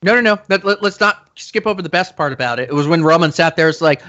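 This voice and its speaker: A man co-hosting a casual wrestling chat, opinionated and quick to cut in with his own points. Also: a little high, expressive, pushed and bright, lo-fi sound. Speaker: podcast co-host.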